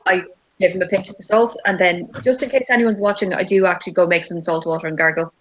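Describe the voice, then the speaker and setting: A woman's voice: lowish voice, steady tone, quick pace. A woman playing her character in a tabletop game, playful and bargaining. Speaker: player. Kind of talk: in-character tabletop role-play. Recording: dull lo-fi recording.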